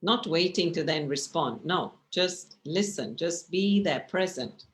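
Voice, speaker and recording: Over a video call, a woman runs a communication class as an online lecture with slides, chatting conversationally and often checking in with the group. Her lowish voice has lively intonation and an unhurried pace.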